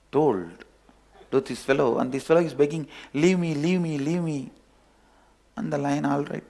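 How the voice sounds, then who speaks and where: A man's voice: mid-range voice, vocal fry, breathy edge. A man giving a spiritual discourse, telling a parable with repetition and chuckles at his own jokes. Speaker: spiritual teacher.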